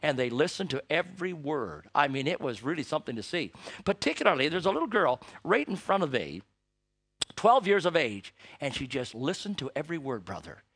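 Older guy preaching, high animated voice, bright tone, tells stories with feeling and gets loud. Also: a little fast, slightly rough, no room sound. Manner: emotional storytelling, rising to shouted emphasis. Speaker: missionary preacher. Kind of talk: sermon.

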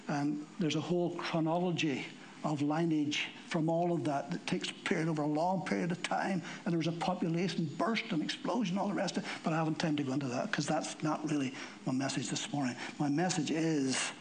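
High-voiced emphatic male preacher. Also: steady tone, fairly quick, a little hiss or hum, rough recording. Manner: emphatic, climbing higher and louder when stirred. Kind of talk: sermon.

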